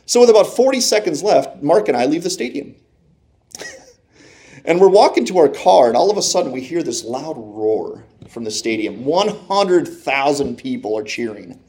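A man telling a personal sports anecdote in a lively way, acting out his own past reactions as he goes. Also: fairly high pitch, moderate pace. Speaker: storyteller.

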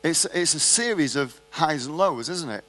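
A man's voice: a little high, animated, normal speed, fairly bright tone, soft background music. A man preaching a sermon, telling a personal story and asking the audience rhetorical questions in a conversational way.

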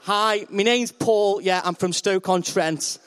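A bashful young talent-show hopeful steps up , played by a man. He speaks slowly and haltingly in a highish voice, sweetly earnest and a little shy. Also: fairly even intonation, fairly bright tone, clean tone.

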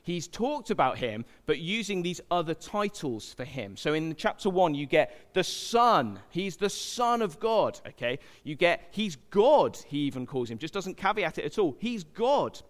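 A man's voice: fairly high pitch, sing-song, a little slow, few pauses, big-room sound. A man preaching a sermon in a chatty, joking way, often checking in with the congregation. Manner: chatty, joking, asks the congregation frequent "okay?".

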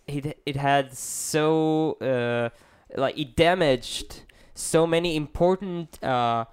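A man's voice: on the high side, smooth. Man co-hosting a joking chat podcast. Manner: joking, halting with many restarts. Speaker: podcast co-host. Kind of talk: casual podcast banter.

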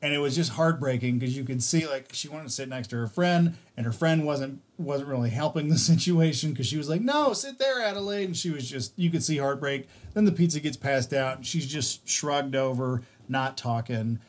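A man's voice: mid-range voice, moderate pace, few pauses. A man co-hosting a podcast, telling a parenting story in casual chat. He is candid and swears freely, acting out the voices of the people in it. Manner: candid and profane, acting out the voices in his stories.

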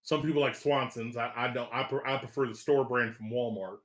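A man doing a rambling Southern good ol' boy in comedic podcast improv, tripping over his own words and restarting lines while keeping a dead-straight face. The voice sits at a middling pitch with an easy, unhurried drawl. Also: lightly acted. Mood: deadpan folksy. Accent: put-on Southern US. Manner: stammering, repeats words, drawn-out and deadpan. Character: folksy rambling Southern man giving bad recipes.

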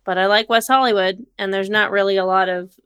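A woman co-hosting a casual talk show, blunt, joking and quick to swear. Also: medium pitch, steady tone, fairly bright tone, smooth, no room sound. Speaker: podcast co-host. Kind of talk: casual chat. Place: Los Angeles.

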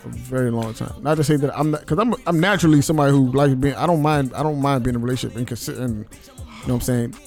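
A man's voice: mid-range voice, quick pace, vocal fry, a little mellow, faint music behind. A man hosting a podcast in loose, rambling, casual chat, swearing freely. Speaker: podcast host.

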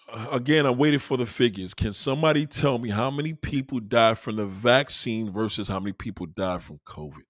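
A man's voice: medium pitch, no room sound, studio quality. Profane ranting male livestreamer. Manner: loud, insulting, mocking, repeats questions. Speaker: livestreamer reading chat comments. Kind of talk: angry profane live rant.

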